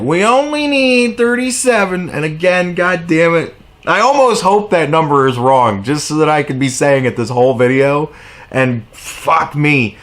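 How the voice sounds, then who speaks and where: A man delivering an angry political rant as a commentary vlogger, sarcastic and mocking, full of profanity, jumping from exasperated highs to low mutters. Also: fairly bright tone.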